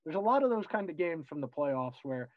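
A man of middle pitch chats loosely, rambling through his view. The recording is dry and somewhat dull. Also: very animated, a little fast, no echo. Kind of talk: casual chat.

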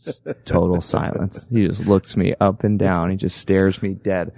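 A young man, an actor guest, telling animated stories with many restarts in a casual interview. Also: low-pitched, moderate pace, creaky, no echo. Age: young adult. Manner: animated anecdote teller, frequent restarts.

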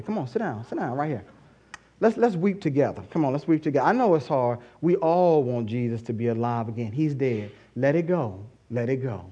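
Condescending male disciples talk softly and a little lower, hushing the grieving women with patronizing comfort, as a preacher acts them out. The voice sits fairly high for a man and is delivered with coaxing calm. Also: husky, exaggerated voice. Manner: soothing, patronizing, hushed.

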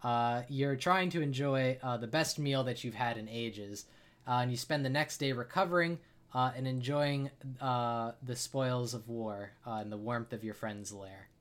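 A man's voice: medium pitch, measured pace. A man narrating a tabletop role-playing game as game master, with frequent uhs and restarts. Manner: many filler uhs, restarts.

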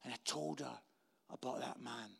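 A man's voice: mid-range voice, moderate pace, creaky, husky. A man, a pastor telling a comic story in a sermon.

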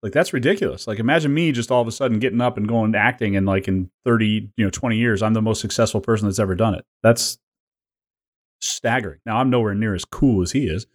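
A man's voice: on the low side, quick pace. Rambling, jokey man in his forties. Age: 40s. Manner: rambling, jokey, laughs often. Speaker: podcast co-host. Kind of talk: casual chat.

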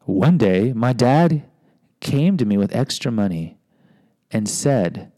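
A man's voice: medium pitch, animated, slow, warm tone, no room sound. A man telling personal stories in a casual monologue, candid and self-deprecating, often restarting and adding asides.

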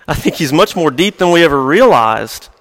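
A man's voice: fairly high pitch, big pitch swings, moderate pace, a bit bright. A male pastor giving a sermon in a conversational, storytelling way with light chuckles, recorded in a church sanctuary. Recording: long reverb of a large hall.

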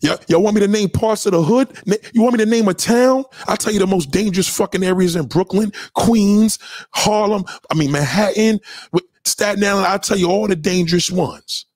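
A middle-aged man with a New York accent, trash-talking his chat in a loud, profane, boastful way while he plays records on a live stream. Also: high voice, a little fast, no echo, clean studio sound. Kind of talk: hyped trash talk over music.

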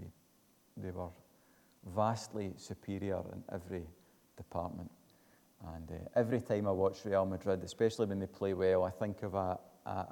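A man preaching a sermon, slow and measured, building to emphatic declarations. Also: low voice, creaky, warm tone, long reverb tail.

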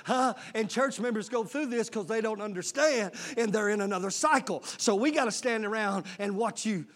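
High-voiced pastor preaching with fiery shouts. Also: male voice, normal speed. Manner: preaching with bursts of shouting and laughter, calling out to the congregation. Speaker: lead pastor. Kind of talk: sermon.

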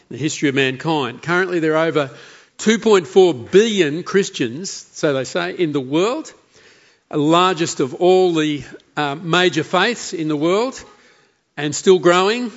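A man preaching in church, his voice sitting a little high for a man. He reads steadily and earnestly, then presses his points with emphasis. The recording is dull and lo-fi. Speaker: pastor. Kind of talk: scripture reading and sermon.

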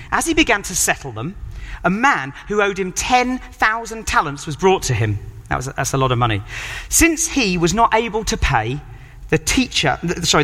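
A man preaching a sermon, reading scripture aloud and acting out the characters' voices with animated delivery. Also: high voice. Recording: long hall reverb.

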